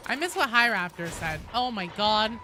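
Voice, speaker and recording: A woman in her thirties streaming a game live, chatting with her viewers in a lively, joking way with loud outbursts. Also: mid-range voice, normal speed, music in the background. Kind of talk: live-stream chat while gaming. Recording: game sounds and noise behind voice.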